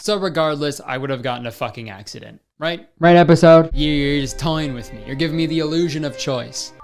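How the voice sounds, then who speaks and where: A man's voice: on the high side, a little fast. A man giving crude, sarcastic commentary while playing a story game. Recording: music playing underneath.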